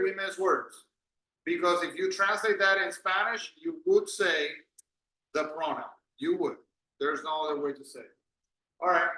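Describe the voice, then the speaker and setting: A man leads an English lesson, patiently correcting each student and repeating words slowly for them to copy. His voice sits high and bright, and he talks at an unhurried pace. The sound is roomy, with a noticeable echo. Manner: patient, corrects and drills pronunciation. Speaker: English teacher. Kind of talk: online English class.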